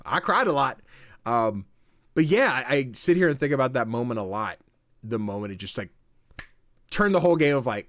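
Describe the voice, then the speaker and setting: Animated storytelling man, dry mic. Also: medium pitch, brisk, dry recording. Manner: animated storytelling, acts out quotes, swears casually. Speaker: podcast co-host. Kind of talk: casual chat.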